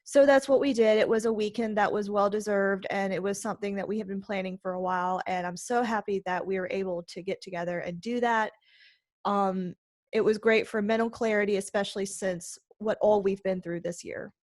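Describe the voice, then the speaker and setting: A woman co-hosting a podcast, chatting casually in an excitable, talkative way. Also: medium pitch. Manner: excitable, chatty, quick to laugh. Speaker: podcast co-host.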